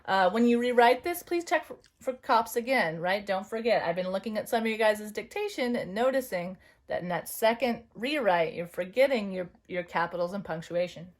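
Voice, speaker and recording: A woman teaching a phonics and dictation lesson, dictating slowly word by word and checking in with students. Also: mid-range voice. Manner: slow, careful word-by-word dictation; checks in with "right?" and "okay?".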